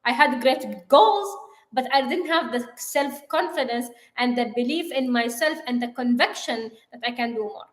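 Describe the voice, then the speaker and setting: A woman's voice: sits high, moderate pace. A woman co-hosting a motivational live show, talking in an earnest, emphatic way and stopping now and then to correct herself. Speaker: co-host. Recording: echoey room.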